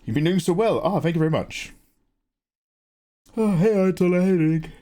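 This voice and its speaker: A man's voice: sits high, lively intonation, normal speed, dark tone. Young streamer host, playful and jokey, chats with viewers at his desk mic. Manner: playful, jokey, mock-grand asides. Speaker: livestream artist host. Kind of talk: casual chat reading viewer messages.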